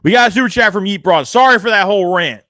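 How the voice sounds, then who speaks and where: Man, stream host: high, lively, bright voice; blunt, profane rant in a dry room. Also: fast, dry recording. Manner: blunt, profane, repeats himself. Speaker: sports livestream host. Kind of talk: casual fan rant reading live chat.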